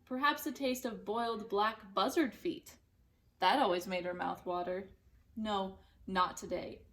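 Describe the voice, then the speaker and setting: Slow gentle young woman reading aloud. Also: mid-range voice. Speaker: reader. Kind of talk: reading a children's picture book aloud.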